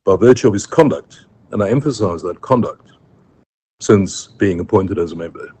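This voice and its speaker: A deep-voiced man with a South African accent makes a formal legal argument to a judge. He speaks in a measured way, pausing on ums and correcting himself mid-phrase. Faint room noise sits under the live courtroom stream. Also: lively intonation, dark tone, rough recording. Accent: South African English. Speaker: advocate addressing the court.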